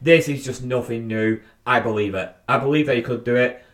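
Man, podcast co-host, mid pitch, animated sweary chat, roomy echo. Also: fairly quick. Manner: animated, profane, opinionated, stammers on restarts.

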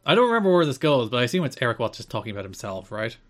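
A man co-hosting a podcast, recapping events in brisk casual chat and often repeating phrases. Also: mid-range voice, big pitch swings, a bit bright. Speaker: podcast co-host.

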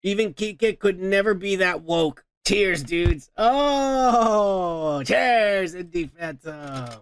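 A man's voice: high voice, animated, slow, smooth, no echo. A man hosting a casual podcast, rambling and cursing as he reads out listener comments. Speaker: podcast host.

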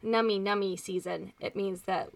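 A woman co-hosting a casual podcast chat, giggling often and trading quick quips. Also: mid-range voice, steady tone, vocal fry, heavy background noise. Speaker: podcast co-host.

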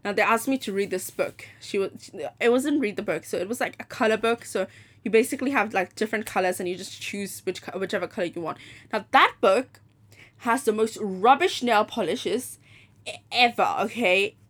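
A woman talking into her podcast mic in a loose, chatty rant. She is blunt and swears freely, and she slips into quick impressions of the people in her story. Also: medium pitch. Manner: blunt and profane, acting out quoted people. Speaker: podcast host.

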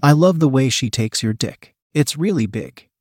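An eager, admiring young woman , read by a male narrator in a storybook. The delivery is dry and close, at a middle pitch. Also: expressive, moderate pace, darkish tone, husky, no room sound.

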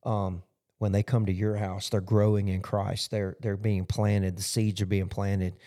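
A man's voice: on the low side, little pitch movement, unhurried, dark tone. A man, a pastor, talking casually about his sermon in a loose, rambling way full of fillers. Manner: rambling, with frequent "you know" fillers. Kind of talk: casual podcast recap of a sermon.

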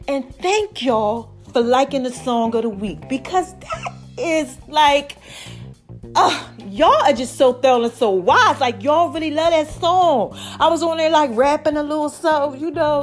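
A woman hosting her podcast in a casual, animated monologue, a little short of breath and calling her listeners baby. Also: sits high, measured pace, faint music behind. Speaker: podcast host.

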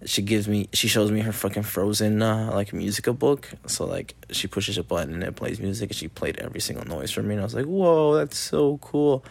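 A man's voice: fairly low pitch, steady tone, fast, gravelly, few pauses, husky. A young man, a youth soccer coach, chatting casually into a mic, rambling, swearing freely and acting out what people said. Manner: loose and rambling, swears a lot, acts out quotes. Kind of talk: casual solo chat on a mic. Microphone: talking into a mic.

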